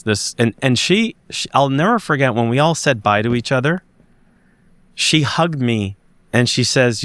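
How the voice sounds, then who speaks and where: A man in a podcast interview tells a personal story with emphatic insistence. He restarts his sentences often and gropes for words as he goes. His voice sits at an ordinary male pitch. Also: expressive, moderate pace, a bit bright, no room sound. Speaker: guest; investigator.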